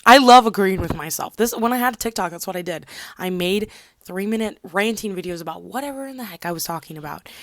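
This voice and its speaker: A woman's voice: mid-range voice, fast talker, no echo. Chatty young woman ranting to camera. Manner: chatty, animated, often drops to a whisper for asides. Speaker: vlogger. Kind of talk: casual rant to camera.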